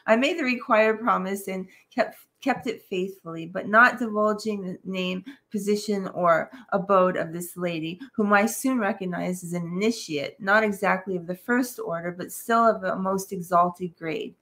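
A woman's voice: medium pitch, measured pace, a bit bright. A woman co-hosting a live show, reading a book aloud steadily with occasional stumbles.

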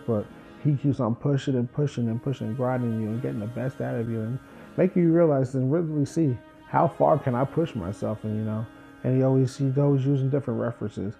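A man's voice: mid-range voice, gravelly, lo-fi sound. A man in his twenties from New Jersey, a former college football player, reflecting on his life and acting out what others said to him. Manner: acts out quoted people with lively voices. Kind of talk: reflective personal storytelling.

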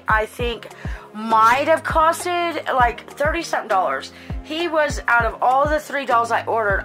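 A woman's voice: medium pitch, bright, forceful tone. A woman hosting a casual doll-collecting vlog, gushing and doting as she talks, with many fillers. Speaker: doll collector and channel host. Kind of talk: casual chatty unboxing vlog.

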